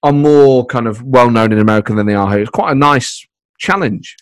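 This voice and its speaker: A man in casual interview chat, recorded on a laptop microphone in his spare room at home. He rambles, restarts his sentences and slips into quick put-on voices. The sound is very dry and close, with a middle-pitched voice. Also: clear, resonant tone, dry recording. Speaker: comedy writer and voice performer.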